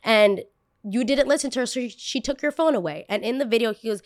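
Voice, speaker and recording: Chatty, animated woman hosting a podcast. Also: fairly high pitch, a little fast. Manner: animated and chatty, swears casually, acts out quotes. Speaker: podcast host. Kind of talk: casual podcast commentary.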